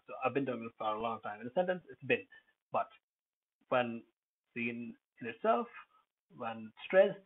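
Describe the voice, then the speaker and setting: Man, pronunciation teacher, rambling lesson, lots of pauses and fillers, mid-pitched voice, tinny phone-like sound. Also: lively intonation. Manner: digressive, with many pauses and fillers.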